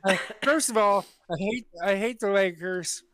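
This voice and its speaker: A man's voice: high voice, moderate pace, fairly bright tone. An American man co-hosting a podcast in casual comedy chat, often stammering and restarting. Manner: stammering, restarting, laughing easily. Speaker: podcast co-host.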